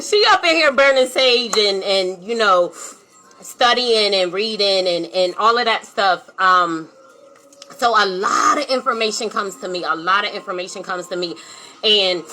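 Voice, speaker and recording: A spiritual coach speaks earnestly to her live-stream viewers in a casual, heartfelt way, repeating herself and saying "right?" and "like" again and again. Her mid-range voice is bright and forceful, though the recording is low quality.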